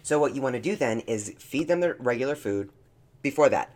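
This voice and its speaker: Casting: playful podcast co-host, animated and teasing. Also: medium pitch, a little fast, a loud crowd. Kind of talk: casual chat.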